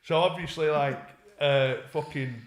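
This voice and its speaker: A man's voice: a little high, steady tone, a little slow, echoey room. A man co-hosting a podcast, telling a rambling, sweary story in casual chat and acting out what people said. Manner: sweary, rambling, acts out quoted voices. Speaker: podcast co-host.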